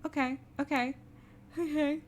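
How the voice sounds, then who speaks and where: A woman's voice: high voice, steady tone, unhurried. A woman playing in a tabletop game, giggly and self-deprecating. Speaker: player.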